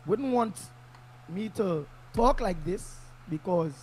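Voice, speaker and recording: Over an online call-in mic, a Trinidadian-accented man delivers impassioned political commentary in local Creole phrasing, emphatic and repetitive. His voice is high-pitched and husky with a darkish tone, at a moderate pace.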